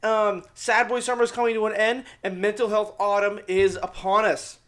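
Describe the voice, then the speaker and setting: Excitable, foul-mouthed young man with a high voice. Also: moderate pace. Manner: loud, excitable, swears a lot. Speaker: podcast host. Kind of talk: casual sports podcast chat.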